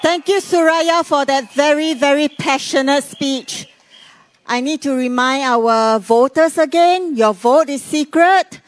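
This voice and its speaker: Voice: sits high, measured pace, dry recording. A speaker, a rally co-emcee making announcements and calling out to the outdoor crowd in call-and-response.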